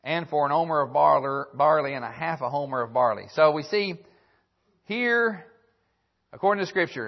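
A preacher man with a fairly high voice delivers a sermon, reading old-style scripture verses and repeating his key phrases. The sound is dull and lo-fi, like an old church broadcast.

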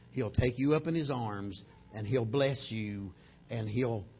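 A man's voice: medium pitch, takes it slowly, a little mellow, husky. A man preaching a sermon, acting out prayers in a raised voice as he goes.

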